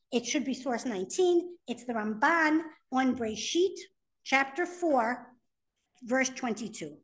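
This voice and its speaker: A woman teaching a class, reading sources aloud and translating them as she explains. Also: high voice. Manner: animated, reads Hebrew text then translates. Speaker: Torah teacher. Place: classroom with students.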